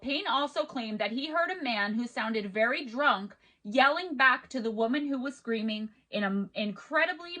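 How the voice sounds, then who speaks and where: Bright chatty woman retelling a case. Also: on the high side. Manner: chatty, adds personal asides. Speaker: true-crime video host. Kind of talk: casual storytelling narration.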